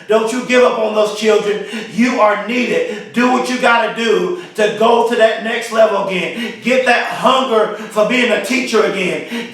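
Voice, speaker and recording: A man giving a motivational speech. He talks emphatically, repeats his phrases, stretches key words slowly and builds up to shouts. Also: high voice. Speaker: motivational speaker. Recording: very echoey, voice from far off.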